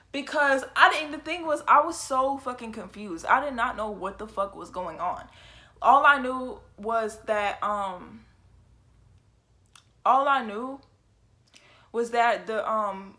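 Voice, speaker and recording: A young woman telling a story from her own life in a casual, animated and profane way. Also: on the high side. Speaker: storytelling vlogger.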